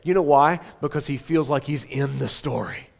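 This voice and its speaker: Pastor, male, higher register, preaching with lively swings from exclaiming to near-whisper. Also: moderate pace, creaky. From Oklahoma. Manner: animated, with sudden loud exclamations and hushed asides. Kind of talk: sermon. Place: church sanctuary.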